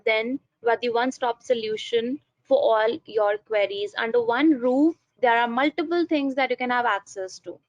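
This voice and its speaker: A woman's voice: a little high, dry recording. A young woman with an Indian English accent, presenting an English test prep seminar over a video call, explaining and repeating phrases as she thinks. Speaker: English trainer. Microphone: computer mic on a video call. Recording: muffled video-call audio, dry.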